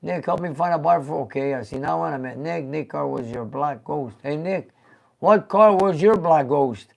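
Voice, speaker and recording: An older man chats casually as host of a live stream, reading viewer messages aloud with lively reactions. His voice sits a touch high and carries a gravelly edge. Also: moderate pace. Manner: reads viewer comments aloud, animated and laughing. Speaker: show host.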